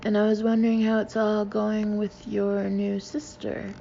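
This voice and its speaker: A woman voicing a bubbly, warm young female friend talking on the phone. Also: mid-range voice, monotone, measured pace, vocal fry, lo-fi sound, a little hiss or hum. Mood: wistful.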